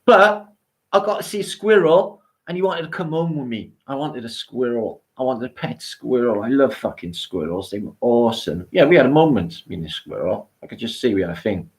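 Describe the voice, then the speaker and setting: Excitable man, swearing a lot. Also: medium pitch, brisk. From Wales. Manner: excitable, swearing, laughing, chatty. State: tired from a long walk. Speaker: livestream host. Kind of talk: rambling live-stream monologue.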